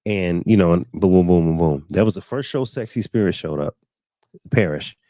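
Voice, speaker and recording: A man with a lowish, dark and mellow voice hosts a casual live-stream talk show. He tells stories by acting out what other people said, often repeating a word or two as he gathers his thoughts. The sound is close and dry. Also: animated, moderate pace, no echo. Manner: storytelling, acting out quoted people; repeats words while finding his thought.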